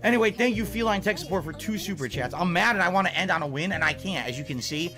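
A man streaming games, ranting in an exasperated, profane way about his chat, sometimes yelling. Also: sits high, expressive, quick pace, soft background music. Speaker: game streamer. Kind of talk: angry stream rant.

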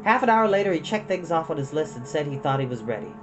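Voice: mid-range voice, sing-song, fast, over music, low-quality recording. A storyteller reading a chapter book aloud, breaking off for chatty, folksy asides to listeners.

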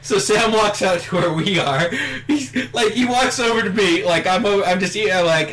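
Lively, bright-voiced young man storyteller. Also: high voice, moderate pace, few pauses. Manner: laughs through his own story. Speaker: gaming channel host. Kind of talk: casual storytelling over gameplay.

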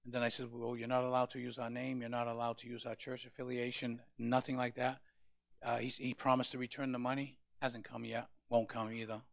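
A male pastor preaching a sermon, with passionate rises to loud peaks. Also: mid-range voice, completely flat delivery, brisk, vocal fry, no room sound, studio quality.

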